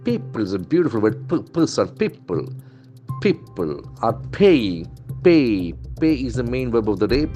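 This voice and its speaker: A male English trainer, not a native speaker, teaching pronunciation in a lesson, repeating words slowly and stressing their syllables. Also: mid-range voice, big pitch swings, warm tone, soft background music. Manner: stock phrases "okay, see", "very interesting".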